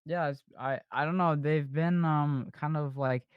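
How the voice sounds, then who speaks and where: Man, podcast host, rambling casual chat, smooth voice, slightly dull lo-fi sound. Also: on the high side, fairly even intonation, a little slow, no echo. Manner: rambling, full of fillers and restarts.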